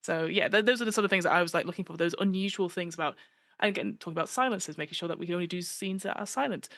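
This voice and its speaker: A woman speaking quickly in a lowish, gravelly voice, chatting as a podcast guest. She talks animatedly and drops into the voices of the people she quotes. The sound is dry and close. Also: dry recording. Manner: animated, acts out quoted voices, many fillers. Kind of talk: casual podcast chat.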